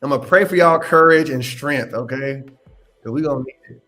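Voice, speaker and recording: A young man hosting a casual livestream Q&A as a mentor. He talks in an animated, slangy way, laughs often and repeats his phrases. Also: medium pitch, brisk, soft background music. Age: young adult. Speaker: independent adjuster mentor hosting a live Q&A.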